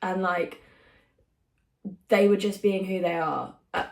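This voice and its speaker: A woman's voice: lowish voice, fairly even intonation, slow pace, vocal fry, darkish tone. A young woman chatting casually while getting ready, emotional and effusive, swearing and saying "like" constantly. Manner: emotional, effusive, swears often, says "like" a lot. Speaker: vlogger. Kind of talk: casual get-ready-with-me chat.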